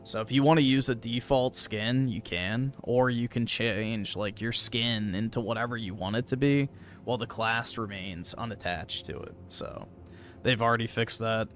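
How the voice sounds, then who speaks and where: A man co-hosting a casual gaming chat, calmly pushing back with matter-of-fact points. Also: medium pitch, normal speed, soft background music. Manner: calm, matter-of-fact, correcting. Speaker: co-host.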